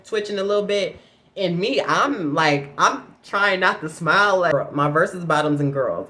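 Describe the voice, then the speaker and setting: A young man vlogger telling a personal story in casual, animated fashion, now and then breaking into high shrieks and laughter.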